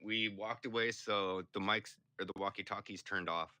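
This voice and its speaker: A man's voice: lowish voice, fairly even intonation, normal speed, pushed and bright, no echo. A young man streaming, chatting casually and telling rambling, profane stories. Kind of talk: casual chat.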